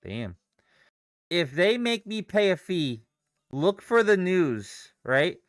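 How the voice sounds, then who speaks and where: A man's voice: sits high, sing-song, slow pace, no room sound, studio quality. Profane young man live-streaming trades. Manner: profane, rambling, reacts to chat and charts. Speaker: livestream day trader. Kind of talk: casual live-stream chat.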